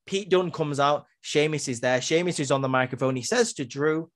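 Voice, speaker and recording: A man giving a casual, chatty review of a wrestling show, full of filler ums and quick asides. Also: a little high. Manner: chatty, many filler ums, acts out quotes. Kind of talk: casual recap and opinion.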